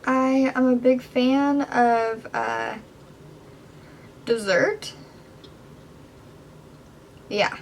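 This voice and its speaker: A woman's voice: fairly high pitch, steady tone, drawn-out words, gravelly, pauses often, slight background noise, low-quality recording. A young woman chatting in a casual home vlog, rambling and self-deprecating, sometimes dropping to a whisper. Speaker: vlogger. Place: indoors at home.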